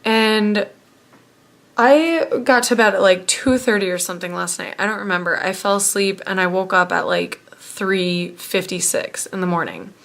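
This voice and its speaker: A woman's voice: mid-range voice, moderate pace, gravelly, a bit bright. A young woman telling a casual personal story to camera, rambling and full of fillers. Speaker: vlogger.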